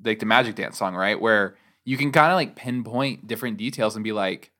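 A man's voice: fairly low pitch, brisk, bright, forceful tone. A man in casual podcast chat, enthusiastic and conversational. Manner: enthusiastic, conversational, says "dude".

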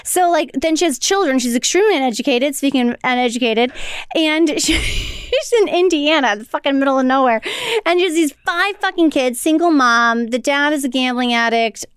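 A woman co-hosting a podcast, telling family stories in lively, casual chat and swearing freely. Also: high-pitched, a little fast, no room sound, studio quality. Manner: animated storytelling, swears freely. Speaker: podcast co-host.

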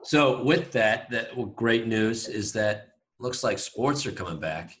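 A man's voice: fairly low pitch, animated, unhurried, fairly bright tone, poor audio. Podcast co-host, male, casual and upbeat, rambles through the news. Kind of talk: casual chat.

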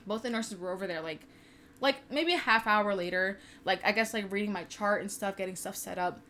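A woman's voice: mid-range voice, a little fast, fairly bright tone, a little hiss or hum. A woman in her twenties telling a personal story in casual chat, candid and profane with lots of "like". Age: 20s. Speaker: podcast co-host.

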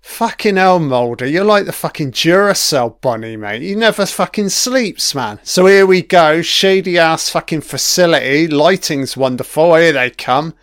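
A man's voice: fairly high pitch, lively intonation, unhurried, few pauses, fairly bright tone, no echo, clean studio sound. A man giving a casual commentary on a TV episode, chatty and swearing freely, laughing along as he watches.

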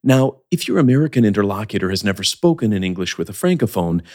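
A man teaching English as the host of a scripted podcast lesson, speaking in a clear, measured, explanatory way. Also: lowish voice, big pitch swings, a little mellow.

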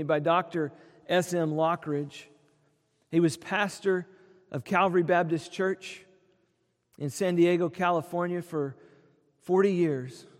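A man preaching a sermon, earnest, dropping quiet for tender quotes and swelling on lists. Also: fairly high pitch. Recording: long hall reverb.

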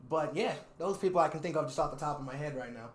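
This young rapper and videographer speaks fast in a voice on the high side, chatting loosely in an interview where he curses freely and laughs a lot. The sound has a roomy echo.

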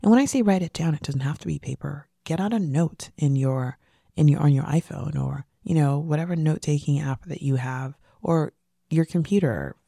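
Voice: medium pitch, moderate pace, vocal fry, warm tone, no room sound, studio quality. A podcast host giving a motivational monologue, emphatic and repeating key phrases, sometimes dropping into a whisper for emphasis.

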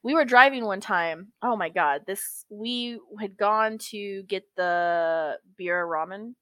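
A woman's voice: mid-range voice, slow, sharp tone, dry recording. A woman co-hosting a podcast in casual chat, talkative and profane, calling everyone girl. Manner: chatty, swears freely, calls everyone girl. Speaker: podcast co-host.

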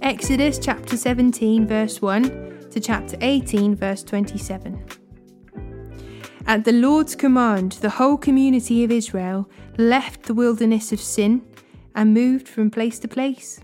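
A woman reading Bible passages aloud in a steady, measured way. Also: on the high side, faint music behind. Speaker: Bible reader. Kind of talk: scripture reading.

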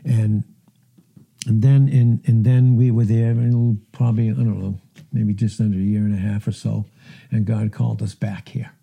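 A middle-aged male pastor delivers a sermon in a very dark, mellow voice with a husky edge. He talks earnestly and with emphasis, and his pitch climbs whenever he quotes a verse. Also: level tone, moderate pace. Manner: earnest, emphatic, rises in pitch when quoting scripture.

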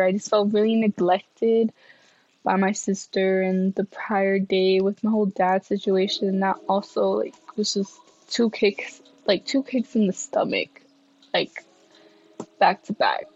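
A woman's voice: mid-range voice, flat delivery, measured pace, a little mellow, lo-fi sound. Tired, profane young woman. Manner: candid and profane, many fillers. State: tired, yawning. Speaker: podcast host. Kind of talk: casual solo podcast monologue.

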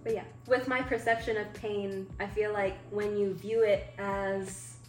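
A woman guest on a podcast, a singer and poet, speaking slowly and thoughtfully. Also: medium pitch, level tone. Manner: slow, thoughtful, measured. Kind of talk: reflective interview talk. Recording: echoey room, faint music.

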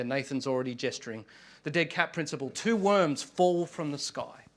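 A man with an Australian accent, preaching a sermon as pastor, with humor and dramatic pauses. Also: on the high side, a bit bright.

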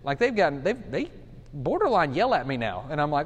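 A man's voice: on the high side, very animated, fairly quick. A man in his forties, a pastor, teaching a Bible study in a casual, earnest way with frequent restarts and fillers. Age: 40s. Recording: long hall reverb.

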